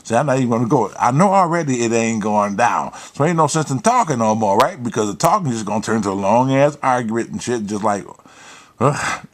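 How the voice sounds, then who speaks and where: Lively, profane male storyteller. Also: medium pitch, fast, few pauses. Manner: lively, profane, animated storytelling with quoted dialogue; advice-giving, emphatic. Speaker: host telling a personal story. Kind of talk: casual storytelling.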